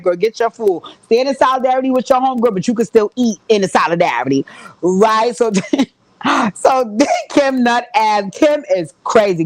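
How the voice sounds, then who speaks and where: Woman host, slightly high voice, close and dry; animated profane recap for viewers. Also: dry recording. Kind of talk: casual reality-show recap.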